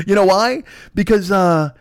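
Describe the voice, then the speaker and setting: A man hosting a solo comedy podcast, ranting in a profane, exasperated way that climbs into high indignant bursts. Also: no echo, studio quality. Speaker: podcast host.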